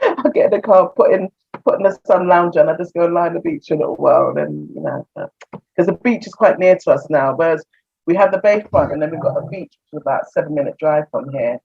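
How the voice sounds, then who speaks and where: A woman's voice: low-pitched, sing-song, fast talker, creaky, breathy edge. Chatty English woman, muffled sound. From England. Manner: chatty, laughs often, acts out conversations. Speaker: interview guest, counselor. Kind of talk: casual video-call interview. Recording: muffled lo-fi audio.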